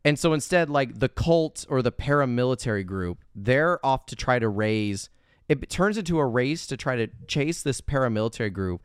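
A man talks casually on a podcast, circling his points with a stream of filler words before landing them. His voice is smooth and resonant. The sound is dry and close, with no room around it. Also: mid-range voice, no echo. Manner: rambling, heavy filler words, animated bursts. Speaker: podcast co-host. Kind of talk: casual movie review chat.

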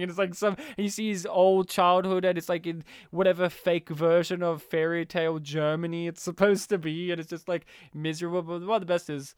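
A man's voice: sits high, little pitch movement, brisk, few pauses, clear, resonant tone, no room sound, clean studio sound. A man co-hosting a casual movie-watching podcast, chatting animatedly and slipping into silly character impressions. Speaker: podcast co-host. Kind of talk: casual movie commentary chat.

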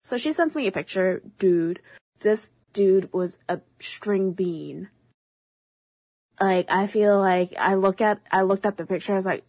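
Husky-voiced young woman telling a story. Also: medium pitch, measured pace, no room sound. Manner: rambling, animated, quotes others in their own voices. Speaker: podcast co-host. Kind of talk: casual storytelling chat.

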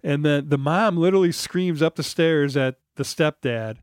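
A man co-hosting a casual film podcast, enthusiastic and quick to laugh. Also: on the high side, clear, resonant tone, no echo, clean studio sound. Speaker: podcast co-host.

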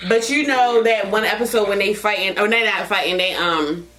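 A woman's voice: mid-range voice, normal speed, a bit bright. A woman hosting a podcast, chatting casually in a frank, profane way, often laughing as she tells stories. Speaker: podcast host. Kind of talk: casual chat.

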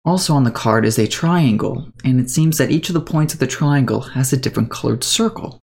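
A man running a tabletop game, narrating the scene to the player in a loose, unhurried way. His voice sits in a middle pitch, and he drops in casual fillers as he goes. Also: gravelly, a little mellow. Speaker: game master.

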